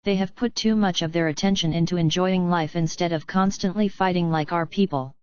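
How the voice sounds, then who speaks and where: A man's voice: high voice, steady tone, a little fast, a little mellow, clear, resonant tone, dry recording, highs cut off, lightly acted. A woman reading the lines of an arrogant, scornful young male fighter in a storybook, with a blunt, cold tone.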